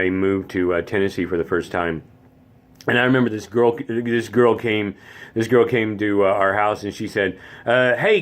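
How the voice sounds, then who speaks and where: A man in his fifties from the Phoenix area, talking in a rambling casual monologue with many stammered restarts. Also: lowish voice. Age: 50s. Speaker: vlogger.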